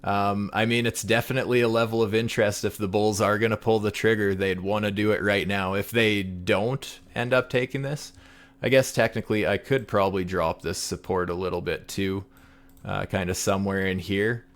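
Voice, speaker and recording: Host, male, low voice, easygoing chart chat with lots of ums and laughs. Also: moderate pace. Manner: relaxed, laughs often, many fillers. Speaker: livestream host. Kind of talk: casual trading chat.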